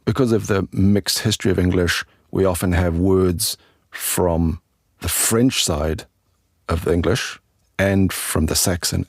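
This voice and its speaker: A man hosting a podcast lesson as an English teacher, explaining in a relaxed, chatty way with asides to the listener. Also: low voice, slightly rough, no echo, clean studio sound.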